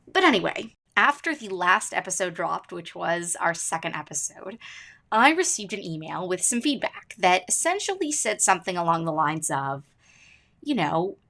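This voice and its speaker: A woman hosting a podcast, reading her narration in a playful, self-mocking way and talking quickly. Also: mid-range voice, pushed and bright. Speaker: podcast host.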